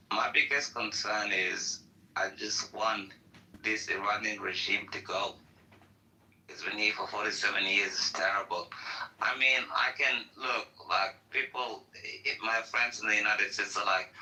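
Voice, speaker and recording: A man's voice: lowish voice, pushed and bright, roomy sound, poor audio. A man ranting on a political talk show, heated and profane, often repeating himself. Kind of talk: casual political rant.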